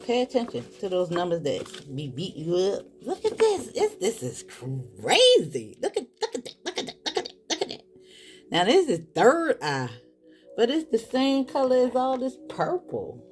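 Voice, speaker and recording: A woman's voice: fairly high pitch, normal speed, soft background music. A woman, doing a casual tarot reading and talking straight to her viewers. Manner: animated, exclaiming, talks straight to viewers as boo and y'all. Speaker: tarot reader.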